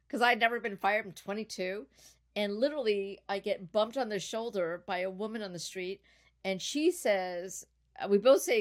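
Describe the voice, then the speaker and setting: A middle-aged woman, guest on a podcast interview, telling a long personal story in an animated, chatty way. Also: mid-range voice. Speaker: podcast guest, business founder.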